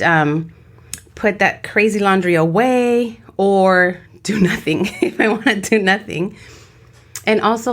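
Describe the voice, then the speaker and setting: Woman co-host, low-ish voice, chatty, laughs often, mixes Spanish into her talk. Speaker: podcast co-host. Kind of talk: casual chat.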